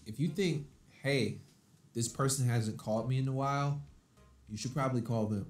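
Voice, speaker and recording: A man's voice: medium pitch, steady tone, normal speed, a little mellow, soft background music. A man co-hosting a game playthrough, cracking mock-serious jokes and teasing his partner in casual banter. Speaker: let's play co-host.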